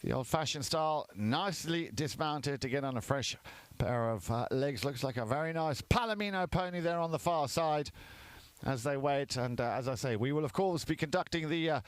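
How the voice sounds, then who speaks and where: High, smooth-voiced polo commentator. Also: male voice, no room sound. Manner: chatty, rises in excitement at goals. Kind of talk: live sports commentary.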